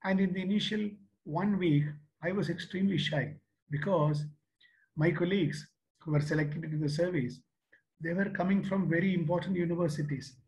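A man's voice: high voice, normal speed, darkish tone, rough recording. A man in his sixties from India's Kerala, a native Malayalam speaker with a Malayali English accent, giving a motivational seminar talk to young people. He tells stories, repeats phrases and checks in with a rhetorical "huh?". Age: 60s.

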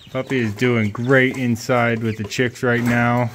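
A relaxed man with a mid-range voice chats his way through a backyard chicken coop. He talks in a soft, easygoing way to his puppy and his hens. A faint hiss runs under the recording. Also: medium pitch, a little slow, few pauses. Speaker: homesteading vlogger. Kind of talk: casual vlog narration. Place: chicken coop on a rural property.

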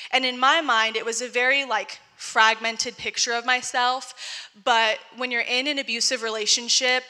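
Young woman, personal testimony, candid and chatty, bright tone, long hall reverb; place in a church hall. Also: on the high side. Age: young adult. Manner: candid, chatty, heavy use of "like". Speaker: testimony speaker.

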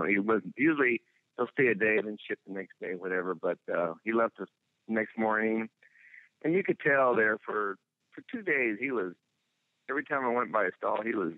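A man who trains racehorses, talking in an interview over the phone in a rambling, halting way, full of restarts. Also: on the low side, dry recording. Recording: tinny dry phone line.

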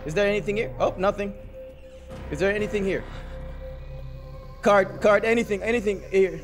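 A young man narrating a horror game as he plays, jumpy and talking to viewers, going from hushed mutters to panicked shouts, his voice getting worn. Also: high voice, normal speed. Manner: talks to viewers while playing. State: losing his voice. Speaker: gaming YouTuber. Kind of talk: horror game let's play commentary. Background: game music.

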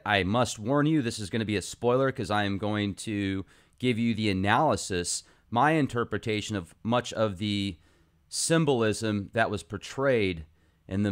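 A man hosting his own video channel, talking through a film's symbolism in an earnest, animated monologue. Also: lowish voice. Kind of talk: casual monologue analysis.

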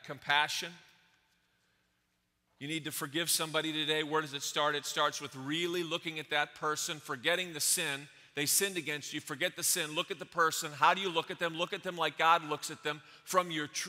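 A pastor preaching a sermon, stressing his points with repeated phrases and sudden swings between loud and soft. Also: on the high side, in a large hall.

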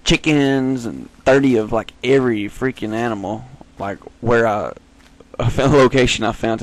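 A man giving rambling, jokey let's-play commentary as host of a gaming video, giggling and breaking into sudden high squeals. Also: fairly quick, vocal fry.

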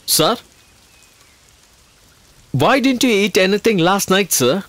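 A man's voice: sits high, lively intonation, slow, fairly bright tone, dry recording, exaggerated voice. An actor dubbing a film, playing an earnest young man who grew up as an orphan and fusses over his teacher with concern. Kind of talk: dubbed film acting.

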